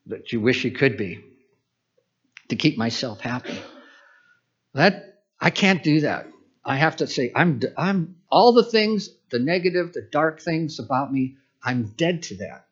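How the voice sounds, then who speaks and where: A man's voice: mid-range voice, fairly bright tone. A pastor preaching a conversational sermon, asking rhetorical questions and voicing his own inner thoughts. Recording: dull lo-fi church sermon recording.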